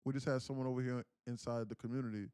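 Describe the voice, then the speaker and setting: A man's voice: medium pitch, level tone, rapid-fire, clean tone, no echo, studio quality. A young man, hosting a day trading livestream and telling a personal story in casual, slangy speech with lots of fillers. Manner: emotional storyteller, acts out quoted pleas loudly.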